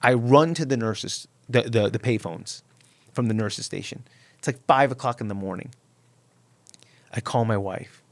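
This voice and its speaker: Man from jersey telling his story fast and punchy, swears a lot, dry mic. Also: mid-range voice, creaky, dry recording. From New Jersey. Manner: animated, emphatic, swears freely. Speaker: guest. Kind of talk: storytelling in a podcast interview.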